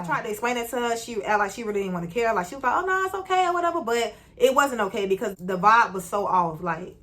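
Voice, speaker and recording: A young woman vlogger telling a personal story in a chatty, slangy way, speaking straight to her viewers and jumping up in pitch when she acts out greetings. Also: slight background noise. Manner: lively, jumps high when retelling greetings. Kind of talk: casual storytime.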